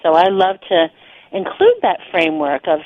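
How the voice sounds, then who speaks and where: Woman, radio guest, relaxed explainer, fillers and restarts, dry close sound, dull lo-fi audio. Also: on the low side, normal speed, dry recording. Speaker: guest sexuality teacher. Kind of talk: conversational radio interview.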